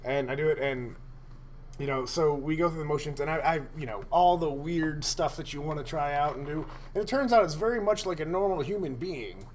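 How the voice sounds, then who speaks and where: A man on a podcast telling a crude story in a rambling, animated way, laughing often. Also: a little high, brisk, a little hiss or hum. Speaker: podcast co-host.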